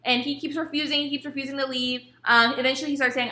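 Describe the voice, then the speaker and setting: A young woman vlogger telling a personal story in casual, animated storytime style, acting out what others said. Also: sits high, fast talker, hardly any pauses. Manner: animated, acts out quotes of others. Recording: echoey room.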